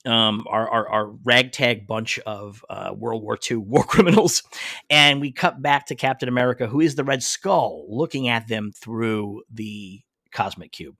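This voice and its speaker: A man's voice: mid-range voice, a little slow, a bit bright, no echo, clean studio sound. A man co-hosting a casual podcast about comic books, laughing often and swearing casually. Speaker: podcast co-host. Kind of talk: casual comic book chat.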